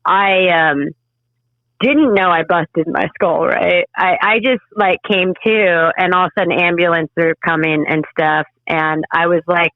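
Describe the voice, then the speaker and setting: Woman, podcast guest, emotional halting storytelling, tinny phone-line sound, dry. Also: lowish voice, steady tone, no echo. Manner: halting, emotional, frequent restarts. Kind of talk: personal storytelling in an interview.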